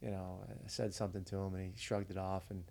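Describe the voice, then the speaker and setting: A man's voice: low-pitched, little pitch movement, fast talker, gravelly, dark tone. A man who is a veteran and podcast guest, earnestly telling a story in a casual, conversational way. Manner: earnest, conversational, retells dialogue.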